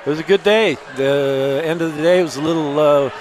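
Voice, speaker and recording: A man's voice: a little high, brisk. A man running a catering business, chatting at an outdoor festival, friendly and rambling with fillers. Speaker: caterer guest. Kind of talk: casual interview. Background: crowd and outdoor noise.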